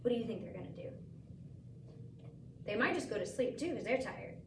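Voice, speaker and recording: A woman's voice: a little high, brisk, creaky, background noise. Woman teacher reading aloud, echoey far mic. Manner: gentle questioning, lively story voices. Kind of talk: reading a picture book aloud to a child. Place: school room.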